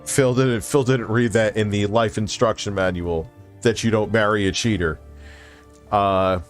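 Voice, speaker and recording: A man streaming reaction commentary, mocking and swearing, often rising into loud high-pitched rants. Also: steady tone, a little slow, soft background music.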